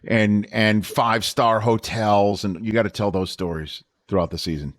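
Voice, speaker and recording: A man's voice: lowish voice, steady tone, normal speed, no echo, clean studio sound. A middle-aged man co-hosting a podcast, who chats casually and playfully interrupts with his own stories. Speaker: podcast co-host. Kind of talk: casual chat.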